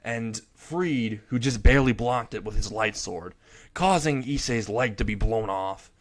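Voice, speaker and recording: A man's voice: fairly low pitch, measured pace. A man casually retelling a fan story, narrating in a rambling way with chuckles.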